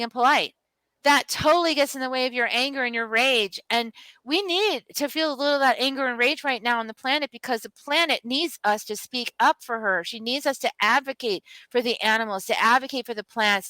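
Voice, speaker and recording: Impassioned bright-voiced woman healer. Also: a little high, no room sound, low-quality recording. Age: middle-aged. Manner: emphatic, impassioned, repetitive for emphasis. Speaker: guest, healer and author. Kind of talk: passionate interview storytelling.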